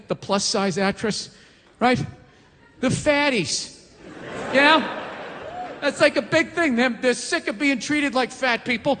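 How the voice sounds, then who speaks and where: A man's voice: high-pitched, sharp tone. A man in his forties doing a profane, exasperated stand-up rant on a comedy stage with a handheld mic. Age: 40s. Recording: live hall reverb, faint noise.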